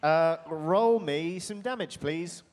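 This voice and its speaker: A man acting as dungeon master at a live tabletop game on a convention stage, talking in animated bursts with quick asides. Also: fairly high pitch. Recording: reverberant live hall.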